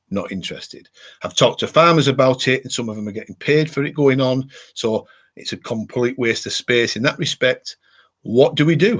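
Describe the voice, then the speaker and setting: A man's voice: medium pitch, breathy edge. Ranting man on a live stream. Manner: ranting, animated, reads viewer comments aloud. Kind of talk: casual live-stream chat.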